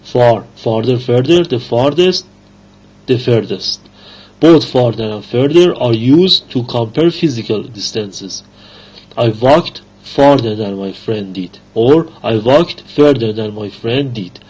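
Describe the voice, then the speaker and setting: A man teaching an English grammar lesson, reading rules and examples aloud slowly with pauses and fillers. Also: mid-range voice, animated, a little mellow, slightly rough. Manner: slow, halting reading with fillers. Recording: dull lo-fi recording.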